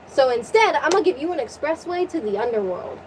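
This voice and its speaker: A woman's voice: sits high, expressive, quick pace, pitched above the performer's own voice. Woman putting on a slangy crude goddess. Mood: breezy. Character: brash flirty goddess woman, blunt. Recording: distant mic, faint noise.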